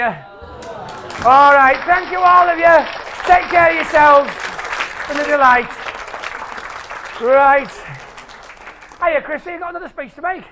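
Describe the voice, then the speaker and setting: A man's voice: very high-pitched, pushed and bright, a little hiss or hum. A man from England, presenting a jokey maths show to a family audience in a lecture hall. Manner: playful, jokey, teasing the crowd. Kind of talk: lively talk to a family audience.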